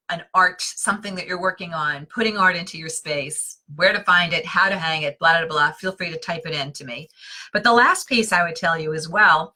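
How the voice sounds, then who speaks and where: A woman's voice: fairly low pitch, sharp tone. A woman hosting a live stream on interior design, teaching in a chatty, self-deprecating way with lots of fillers and asides.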